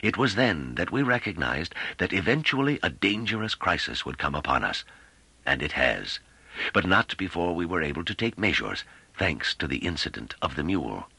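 A man voicing a calm, wise older man who speaks in a slow, measured, almost hypnotic way. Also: deep voice, creaky, breathy edge, no room sound, exaggerated voice. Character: calm, wise elderly man, patient teacher.

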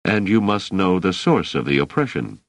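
A man's voice: low voice, big pitch swings, normal speed, gravelly, dry recording, full character voice. A man reading an audiobook and voicing a weary, bitter male rebel leader who argues in an earnest, urgent way.

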